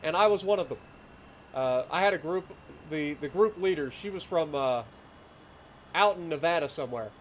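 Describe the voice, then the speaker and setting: Casual streamer, rural Ohio man in his late thirties, slightly high voice, rambling and chuckling, faint noise behind. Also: animated, moderate pace. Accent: rural southeastern Ohio. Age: late 30s. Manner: rambling storyteller, chuckles often, greets chat. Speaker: livestreamer. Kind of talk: casual gameplay livestream chat.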